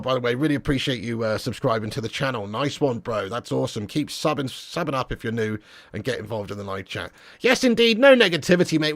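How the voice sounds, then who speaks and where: A man's voice: fairly high pitch, fairly bright tone, dry recording, studio quality. A man hosting a live-stream fan chat, talking in casual, slangy banter with the odd swear word. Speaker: football channel host.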